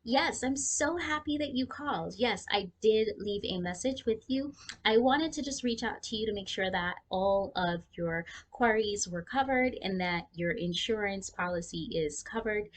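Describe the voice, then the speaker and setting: A woman voicing a bubbly young female customer service rep on a phone call, in a Valley girl accent, high and overly sweet. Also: close to an everyday voice.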